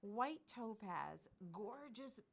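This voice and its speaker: A woman hosting a live shopping stream, bubbly and quick to laugh, with lively sales patter. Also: a little high, gravelly. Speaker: shopping channel host.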